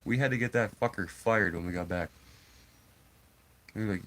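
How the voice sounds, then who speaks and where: An adult father streams live, casually telling his chat a story in a profane, blunt and animated way, swearing freely. His voice is fairly low, at a moderate pace with long pauses.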